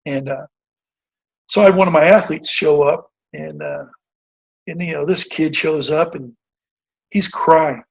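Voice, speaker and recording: A man's voice: on the high side, a little slow, creaky, long pauses. A middle-aged man, a basketball coach, telling stories in a casual interview, earnest and rambling with lots of fillers and restarts. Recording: dull lo-fi audio.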